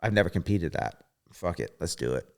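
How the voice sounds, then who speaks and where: A man in his thirties, a podcast guest, telling a story in a casual, animated way, swearing often and acting out what people said. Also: low voice, a little fast, creaky. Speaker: podcast guest, former gymnast.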